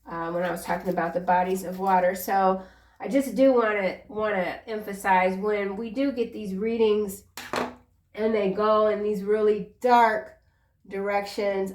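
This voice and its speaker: A woman's voice: mid-range voice, distant mic, slight background noise. Chatty woman tarot reader, roomy echo. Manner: chatty, earnest, encouraging, drifts into personal asides. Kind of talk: casual tarot reading monologue.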